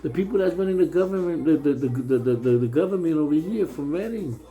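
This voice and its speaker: A man's voice: fairly high pitch, animated, quick pace, mellow, rough recording. A man from New City, ranting heatedly in a repetitive, stammering, profane way about his town. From New York City. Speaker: local resident. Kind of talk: casual ranting monologue.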